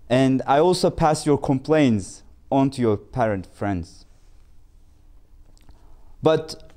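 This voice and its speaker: A grieving merchant from a spoken fable, remorseful and lamenting over his lost bird, as a male storyteller takes on his voice. He speaks slowly, in a dark, mellow tone. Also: medium pitch, voice pushed up, close to an everyday voice. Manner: lamenting, apologetic.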